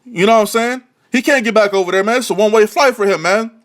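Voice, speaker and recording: A man's voice: high-pitched, quick pace. A man rants about boxing, swearing freely. He mocks and repeats himself in a heated, scornful vlog delivery. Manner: heated, mocking, repetitive. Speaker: boxing vlogger. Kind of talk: profane ranting commentary.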